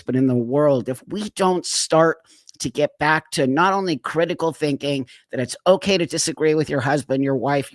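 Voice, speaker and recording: A man's voice: on the high side, no echo, studio quality. A middle-aged man hosting a live stream, talking earnestly and emphatically, his voice cracking with emotion.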